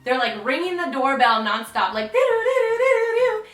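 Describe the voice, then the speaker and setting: A woman's voice: a little high, moderate pace, sharp tone. Chatty young woman telling a story. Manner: chatty, dramatic, full of "like". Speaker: vlogger. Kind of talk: storytime vlog. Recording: roomy, distant, faint music.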